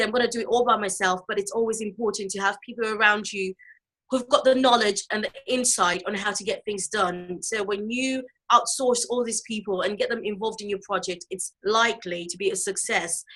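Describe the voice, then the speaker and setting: Woman from the UK, interview guest, earnest and encouraging, middling pitch. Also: fairly bright tone, rough recording. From United Kingdom. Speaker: author and business mentor. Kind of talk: casual interview talk.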